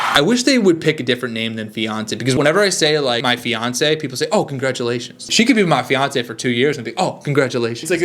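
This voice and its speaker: Young man, casual vlog chat, self-deprecating, quick asides, medium pitch. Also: a bit bright. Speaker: vlogger. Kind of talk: casual Q&A to camera.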